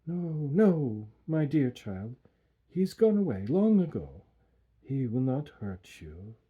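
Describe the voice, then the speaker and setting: A man voicing a gentle mother soothing her child in a storybook reading, speaking softly. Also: mid-range voice, big pitch swings, slow pace, husky, phone-quality sound, heavily acted.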